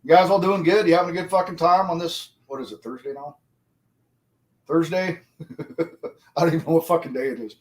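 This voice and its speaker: A man's voice: fairly high pitch, fairly even intonation, brisk, pauses often, darkish tone. A man in his forties chatting casually to viewers on a livestream, rambling and swearing constantly. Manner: rambling, addresses viewers directly. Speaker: live streamer.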